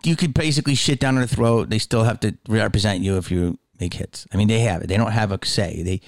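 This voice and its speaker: A middle-aged man hosting a podcast, delivering a heated solo rant full of swearing, swinging from loud outbursts to low muttering. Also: brisk, creaky. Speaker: podcast host.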